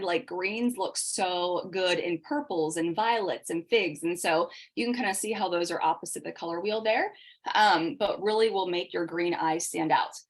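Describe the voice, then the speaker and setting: A woman teaching an online makeup class over a video call, talking fast in a chatty way. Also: mid-range voice. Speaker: makeup instructor.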